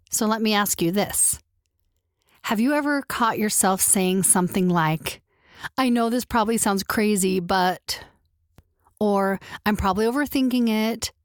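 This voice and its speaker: A woman hosting a podcast, talking gently and encouragingly to the listener about her own habits. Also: mid-range voice, no echo, clean studio sound. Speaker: podcast host. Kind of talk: reflective solo podcast talk.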